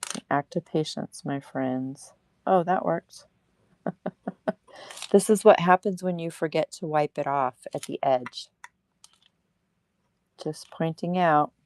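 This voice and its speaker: A woman's voice: sits low, takes it slowly, long pauses, darkish tone, no room sound. A woman hosting a casual livestream craft demo at her table, chatty and laughing at herself.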